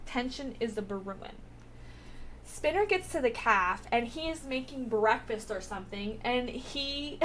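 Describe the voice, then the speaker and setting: Chatty woman rambling through a show recap, says like a ton, swears, kinda high voice. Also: a little hiss or hum. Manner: rambling, lots of "like", swears and laughs. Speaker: vlogger recapping a TV episode.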